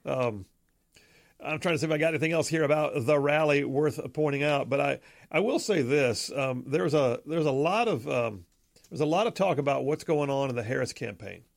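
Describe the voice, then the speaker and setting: A man's voice: on the high side, moderate pace, creaky, dry recording, studio quality. A man hosting a casual political talk show, chatty and opinionated with joking asides.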